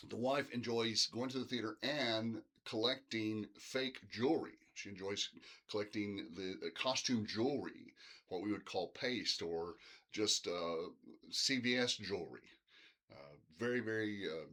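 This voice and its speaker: A man's voice: lowish voice, slow, pushed and bright. A middle-aged man teaching literature in a casual, rambling recorded lecture, full of fillers like "uh" and "um".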